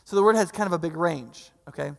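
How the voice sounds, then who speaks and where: A male pastor preaches in a church, talking conversationally and tossing in rhetorical questions. His voice sits a little high with a gravelly edge, and long reverb trails off the hall walls. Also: fast. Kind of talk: sermon. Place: church sanctuary.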